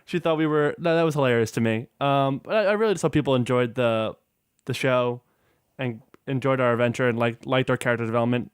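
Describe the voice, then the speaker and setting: Man, smooth clear voice, dry close sound, video call, earnest, hesitant. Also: mid-range voice, no echo. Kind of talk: casual chat.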